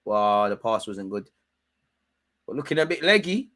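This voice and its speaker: A young man hosting a live football watchalong, talking casually in slang and shouting at the referee. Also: on the low side, very animated, normal speed. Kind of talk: live match reaction commentary.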